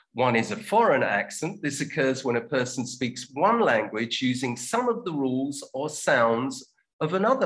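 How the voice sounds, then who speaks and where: A man's voice: fairly high pitch, a bit bright, poor audio. A man hosting an English lesson, introducing clips and bantering with a co-host in a chatty, teasing way.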